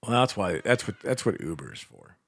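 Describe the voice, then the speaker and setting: A man's voice: on the low side, big pitch swings, a little fast, fairly bright tone, no room sound. An older man co-hosting a radio show, telling rambling stories full of swearing in casual banter. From Washington, D.C. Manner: profane, rambling storyteller. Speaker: radio co-host.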